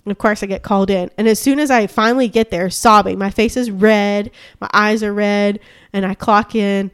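A young woman chatting casually as a podcast co-host, telling stories with lively acted-out quotes. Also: mid-range voice, moderate pace, smooth, dry recording, clean studio sound. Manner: animated storyteller, acts out quotes. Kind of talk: casual chat.

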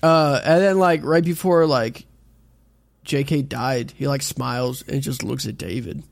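A man's voice: medium pitch, unhurried, gravelly, dry recording. A man co-hosting a podcast, casually recapping an episode with lots of fillers and swearing. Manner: rambling recap with many "uh"s and profanity. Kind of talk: casual chat.

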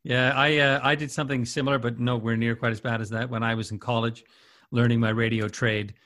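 A man's voice: mid-range voice, a little fast. A man in casual conversation as a radio host, telling anecdotes with lots of laughter. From Canada. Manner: animated storyteller, laughs often. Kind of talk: casual chat.

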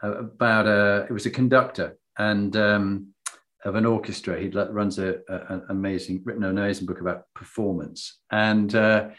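Man, interview host, animated storyteller, self-deprecating, fairly low voice. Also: moderate pace. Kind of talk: conversational interview.

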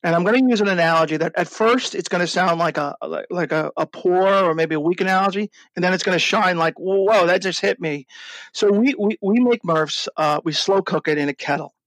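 A man talking as a guest in an interview, telling his story with excitement and many stumbles and restarts. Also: high voice, fairly quick, dry recording. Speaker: guest, drink brand founder. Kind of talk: animated storytelling in a podcast interview.

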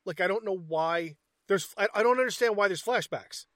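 A man's voice: high-pitched, normal speed, dry recording, studio quality. A man in casual chat about a movie, swearing a lot and mocking it. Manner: profane, animated, mocking.

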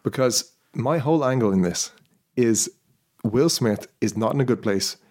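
A man's voice: medium pitch, animated, moderate pace, a little mellow. A man hosting a casual podcast chat. He tells a long story in a rambling way and keeps checking in with his listeners as he goes. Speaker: podcast host.

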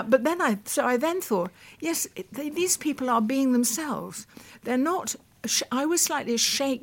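Gravelly old lady from the uk telling stories on a podcast, thoughtful, lots of little restarts. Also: medium pitch. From United Kingdom. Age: 80s. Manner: thoughtful, with frequent restarts and quoted recollections. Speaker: guest, veteran broadcaster. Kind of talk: reflective storytelling in conversation.

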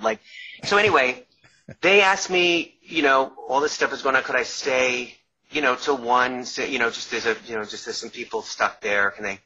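Bright-voiced New York man telling stories. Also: medium pitch, moderate pace, breathy edge. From Long Island, New York. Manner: rambling, self-interrupting, laughs through stories. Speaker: guest, author and former caterer. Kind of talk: casual storytelling interview. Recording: dull lo-fi sound.

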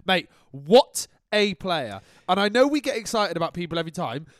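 A man's voice: sits high, very animated, normal speed, a bit bright, dry recording. A man co-hosting a football podcast in a laddish, joking manner. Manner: laddish, jokey, silly voices. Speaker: podcast co-host. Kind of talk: casual football chat.

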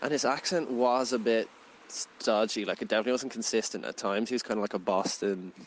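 This film podcast co-host talks briskly in a lowish voice, rambling with lots of "like" fillers and frequent laughter. Poor audio carries a little hiss or hum.

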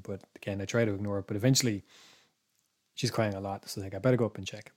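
A man's voice: fairly low pitch, steady tone, fast talker, darkish tone. A man, a podcast co-host telling a story in casual chat, meandering and hesitant, dropping to a whisper for his own thoughts.

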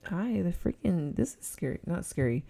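A young woman hosting her own podcast, rambling in a casual solo chat and breaking often into loud giggly laughter. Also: lowish voice, big pitch swings, normal speed, creaky. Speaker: podcast host.

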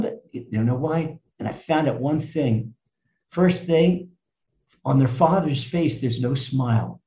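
A man in his seventies from the United States, a rabbi telling stories emphatically in a conversation, swinging from loud to hushed. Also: mid-range voice, takes it slowly, reverberant, lo-fi sound. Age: 70s. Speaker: rabbi and guest speaker. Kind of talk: animated storytelling in conversation.

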